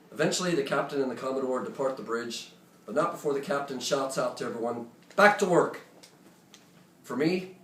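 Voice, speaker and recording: Male storyteller, conversational and animated, on stage. Recorded distant and echoey. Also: medium pitch. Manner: conversational, animated, joking asides. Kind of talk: live personal storytelling to an audience. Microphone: phone or camera recording from the room. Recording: roomy, distant, faint ambience.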